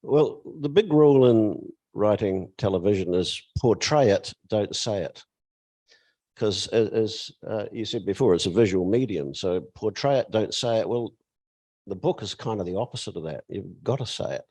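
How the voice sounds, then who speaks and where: A man speaks on a festival panel as an author and screenwriter, explaining his craft at a measured pace. His voice is fairly low. The sound is dry and close. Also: animated, dark tone, no room sound.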